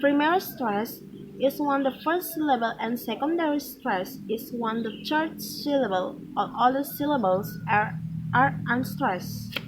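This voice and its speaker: A woman reading a pronunciation lesson aloud from a textbook, slow and careful, with restarts and small slips. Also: sits high, noisy background. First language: Malay.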